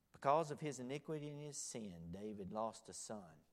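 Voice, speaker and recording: A male pastor preaching a sermon to a church congregation, swinging dramatically between loud exclamations and hushed near-whispers. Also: lowish voice, moderate pace, few pauses. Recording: long hall reverb.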